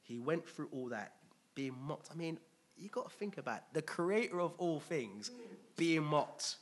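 Male preacher, husky and a touch high, chatty and animated delivery. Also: measured pace. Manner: conversational, animated, laughs often, many restarts. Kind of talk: expository sermon.

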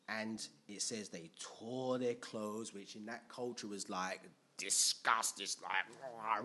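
A man preaching an animated, storytelling sermon. His pitch leaps around, and his tone is bright and forceful. The voice carries a husky edge. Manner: animated, storytelling, acts out scenes.

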